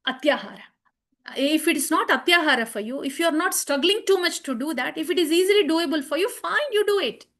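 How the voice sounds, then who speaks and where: A woman's voice: sits high, a bit bright. A woman teaching a children's scripture class, chanting verses and repeating her points earnestly. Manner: earnest, repeats phrases, asks the class questions. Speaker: Bhagavad Gita teacher for children.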